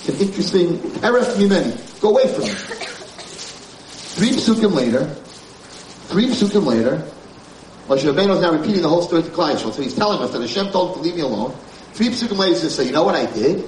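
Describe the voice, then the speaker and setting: A man's voice: fairly high pitch, animated, fast. A man, a rabbi giving an informal Torah class, talking emphatically, repeating his points and mixing in Hebrew terms. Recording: roomy, distant, faint background noise.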